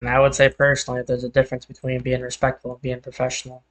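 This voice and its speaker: A man's voice: medium pitch, monotone, quick pace, poor audio. A young man streaming a game, chatting casually and rambling as he vents, swearing freely. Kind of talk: casual chat while gaming.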